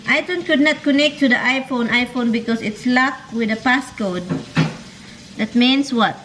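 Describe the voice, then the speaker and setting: This vlogger, a woman from the Philippines with a Filipino accent, laughs often while chatting casually about her husband, giggly throughout her stories. Her voice sits on the high side with a fairly bright tone and moderate pace, and a little hiss or hum is audible.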